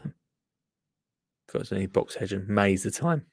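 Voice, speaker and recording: A man hosting a casual livestream, chatting and joking as he reacts to a gardening show. He often restarts his sentences and coos at his plants in a high, sing-song voice. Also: lively intonation, slow pace. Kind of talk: casual chat.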